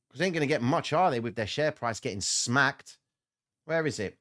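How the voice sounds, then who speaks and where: A man's voice: medium pitch, lively intonation, normal speed, a bit bright. A man hosting a live trading stream, giving blunt, slangy market commentary and answering chat comments.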